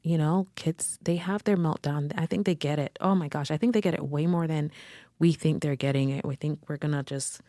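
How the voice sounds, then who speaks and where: A woman's voice: deep voice, fairly even intonation, a little fast, no room sound, clean studio sound. A woman podcast host, a therapist, talking in a reflective, searching way and often correcting herself as she thinks aloud. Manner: searching, self-correcting, gently conversational. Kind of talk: reflective solo talk.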